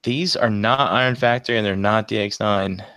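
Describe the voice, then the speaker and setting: A man's voice: lowish voice, normal speed, sharp tone, clear, resonant tone, no room sound. A man co-hosting a casual toy podcast, laid-back and steering the talk from one item to the next. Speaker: podcast co-host presenting toy news. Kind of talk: casual group chat.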